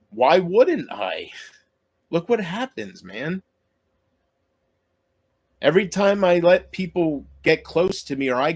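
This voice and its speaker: A man vlogging to his viewers in an upset, pleading rant, swearing and repeating himself, close to tears. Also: fairly high pitch.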